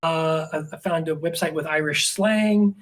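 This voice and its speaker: A man's voice: on the high side, normal speed, low-quality recording. A man talking as a podcast guest in a casual, rambling chat with many restarts and fillers. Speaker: podcast guest, script writer.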